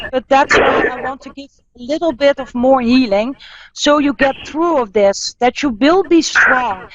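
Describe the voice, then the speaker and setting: A woman's voice: high-pitched, dry recording. Soothing woman medium, dull dry sound. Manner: soothing, repetitive, halting phrasing. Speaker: medium giving live readings. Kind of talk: spiritual healing reading.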